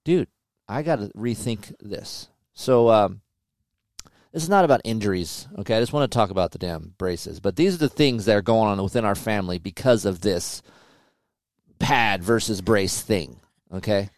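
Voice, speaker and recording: In a casual podcast chat, the middle-aged male host speaks at a moderate pace with a fairly low voice, swearing freely as he candidly and animatedly recounts family pressures. Studio-quality audio, no room sound.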